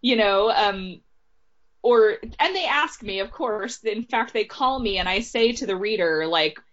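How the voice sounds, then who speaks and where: A woman's voice: medium pitch, lively intonation, unhurried, a bit bright. A woman author talking casually in an interview, laughing often and trailing off mid-thought. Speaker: author guest. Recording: dull lo-fi recording.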